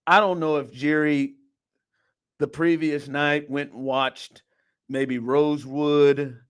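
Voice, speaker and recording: Animated high-voiced man, sports talk. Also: smooth. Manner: animated, incredulous, quick laughs, fillers like "like". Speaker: podcast host.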